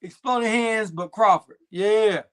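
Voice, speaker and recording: A man's voice: sits high, a little slow, a bit bright. A young adult man hosting a live stream, chatting casually with slang and reading viewer comments. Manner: laid-back slangy banter, frequent fillers.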